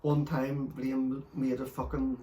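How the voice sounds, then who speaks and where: A man, telling stories in a sweary, animated late-night chat, laughing as he goes. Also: medium pitch, takes it slowly, distant mic, crowd noise. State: a bit stoned. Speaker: podcast host.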